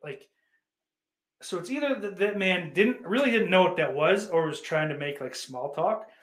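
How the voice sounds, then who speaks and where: A man's voice: high-pitched, animated, moderate pace, reverberant. A man streaming and reading chat comments aloud, ranting crudely with sarcasm and mocking outbursts. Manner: sarcastic, profane, bursts into mocking yells. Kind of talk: casual crude rant.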